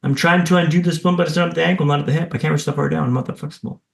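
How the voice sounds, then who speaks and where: A man on a podcast tells his own story with punchy, dramatic pacing. His voice sits a touch high with a gravelly edge. He drops self-deprecating jokes along the way. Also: steady tone, rapid-fire, echoey room, a little hiss or hum. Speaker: podcast guest and speaker.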